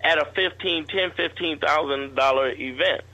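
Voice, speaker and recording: A man's voice: fairly high pitch, moderate pace, pushed and bright, highs cut off. A man, a guest entrepreneur, telling a rambling anecdote in a casual interview.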